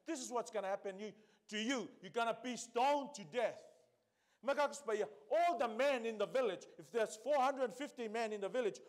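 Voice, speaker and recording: Man, Samoan accent, pastor, church sermon, high voice, emphatic rhetorical questions.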